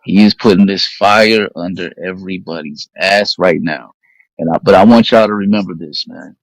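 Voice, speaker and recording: Deep-voiced man moderating with a preacher's cadence. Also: moderate pace, no room sound, rough recording. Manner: steady, addresses listeners as family, scripture-minded. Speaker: discussion moderator and Bible teacher. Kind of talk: preaching-style group talk.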